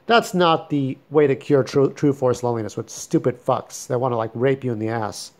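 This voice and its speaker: A man talks alone late at night in a blunt, bitter, profane monologue. His voice sits at an ordinary mid pitch. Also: normal speed, slight background noise. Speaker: vlogger. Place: at home at night.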